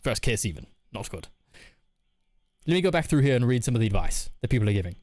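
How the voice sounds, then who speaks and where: A man's voice: medium pitch, big pitch swings, fast, a little mellow, no room sound, studio quality. Candid man chatting with his viewers. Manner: candid, laughs often, reads chat messages aloud. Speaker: streamer reading chat. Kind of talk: casual chat.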